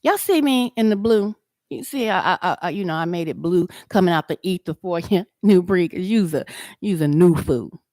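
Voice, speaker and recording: A woman with a lowish, darkish voice and lively intonation speaks at a moderate pace in studio-quality audio free of echo. She's a YouTube commentator making a reaction video, mockingly confronting a man straight to his face, drawling and doubling up words for emphasis.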